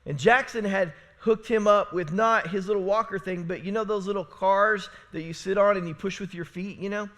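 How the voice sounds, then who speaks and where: Bright-voiced, high-pitched man preaching a sermon. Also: steady tone, moderate pace, few pauses. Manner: conversational storytelling, frequent "right?" and repetitions; swings between loud emphatic and hushed low passages. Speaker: pastor. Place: church sanctuary.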